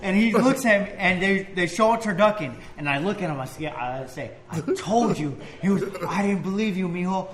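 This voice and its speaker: Man, podcast co-host, swearing storyteller, high voice, echoey room, loud background noise. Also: normal speed, few pauses. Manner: animated, profane storytelling with laughter. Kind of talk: casual chat, storytelling.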